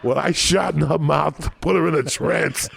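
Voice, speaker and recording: A comedian telling a raunchy, rambling story full of profanity and graphic detail. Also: male voice, fairly high pitch, normal speed, vocal fry, fairly bright tone, husky.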